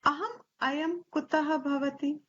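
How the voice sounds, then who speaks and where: A woman teacher with an Indian English accent, explaining scripture slowly and deliberately, stressing Sanskrit terms and posing rhetorical questions. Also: sits high, steady tone, a bit bright. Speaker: Vedanta teacher. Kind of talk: slow scriptural class explanation. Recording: slightly dull lo-fi recording.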